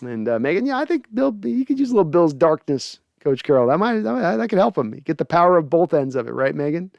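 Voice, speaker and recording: A man's voice: fairly high pitch, very animated, fairly quick, creaky, a little mellow, no room sound, studio quality. A man hosting a sports podcast, casually chatting and reading viewer comments aloud. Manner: chatty, laughs often, reads comments aloud. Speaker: podcast host.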